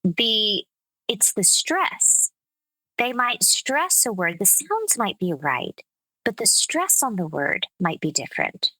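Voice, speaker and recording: An American woman speaks slowly and deliberately, as a speech coach laying out her ideas in an interview. Her voice is bright and forward, and the recording is close and dry. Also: medium pitch, big pitch swings, no room sound, rough recording. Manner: measured, explanatory. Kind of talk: interview conversation.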